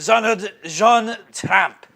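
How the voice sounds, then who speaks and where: A man's voice: sits high, drawn-out words, creaky, pushed and bright, heavily acted. A man doing a mock-German accent as a blustering propagandist figure. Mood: ranting. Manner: bombastic, angry mock-German ranting.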